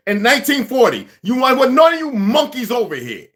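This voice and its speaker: A man's voice: very high voice, huge pitch swings, brisk, few pauses, fairly bright tone. A man hosting a livestream, ranting at a viewer in an aggressive, profane, confrontational way. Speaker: livestream host. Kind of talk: angry livestream rant.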